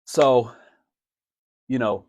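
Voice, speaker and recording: A man's voice: mid-range voice, drawn-out words, a little mellow, slight background noise. A man hosting a live podcast, talking casually, laughing often and acting out mock announcements. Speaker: podcast host. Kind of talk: casual live-stream talk.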